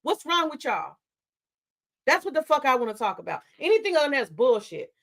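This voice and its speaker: A woman talks straight to her livestream chat. Her voice sits somewhat high, and she argues in a confrontational, profane, unfiltered way. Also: big pitch swings, fairly quick, fairly bright tone. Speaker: livestream host.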